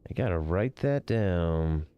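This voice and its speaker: A man's voice: deep voice, expressive, slow, smooth, highs cut off. A man streaming a game, ranting casually and profanely, rambling and getting heated. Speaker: gaming streamer. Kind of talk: casual rant over gameplay.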